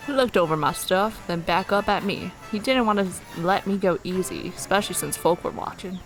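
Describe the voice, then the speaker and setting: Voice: medium pitch, moderate pace, a bit bright, soft background music. A streamer reading a western story game aloud, with playful asides.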